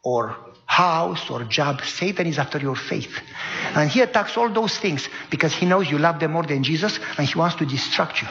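A middle-aged man delivers a sermon in a high, bright, very lively voice, bringing a story to life by acting out each person in it. The sound is muffled, with a long hall reverb behind it. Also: moderate pace. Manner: animated storytelling, acts out voices. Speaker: preacher.

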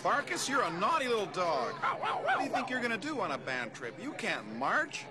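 A man's voice: high voice, huge pitch swings, moderate pace, crowd noise. An actor playing an earnest teenage schoolboy on a band trip, fussing over his dog in an old-time radio drama. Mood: fondly scolding. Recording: radio drama with music behind.

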